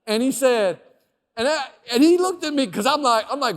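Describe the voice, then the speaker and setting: Animated man telling a story in a reverberant hall. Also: very high-pitched, moderate pace. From Chicago, USA. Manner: animated, swings between hushed and loud, addresses the audience directly. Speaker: motivational sales speaker. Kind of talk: dramatic storytelling keynote.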